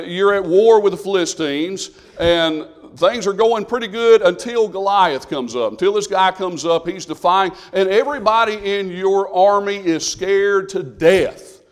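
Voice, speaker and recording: Chatty preacher, fairly high voice. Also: male voice, smooth. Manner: conversational, asks the congregation questions. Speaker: pastor. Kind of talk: sermon.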